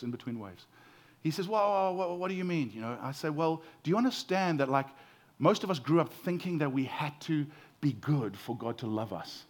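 A man in his forties preaching a sermon as the pastor, telling stories in a conversational way and often repeating his first words. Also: medium pitch. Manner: conversational storytelling, repeats words when starting.

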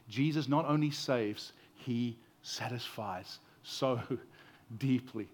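A man with a South African accent preaching a sermon, earnest and expressive, with emphasis that rises and falls. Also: medium pitch, slow pace.

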